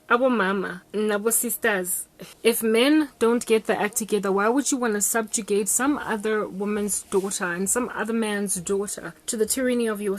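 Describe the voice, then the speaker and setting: A young South African woman vlogger telling a story in an animated, chatty way, recorded at home on a close mic. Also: mid-range voice. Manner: animated, code-switching, chatty. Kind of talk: storytelling monologue.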